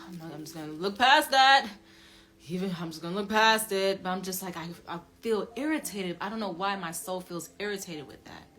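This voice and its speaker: A woman tells her own story to viewers, her low voice dropping to a hush and then rising loud as she repeats phrases. She curses freely and talks animatedly. Music plays clearly behind her. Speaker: commentary channel creator telling her story. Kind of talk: emotional personal storytelling to viewers.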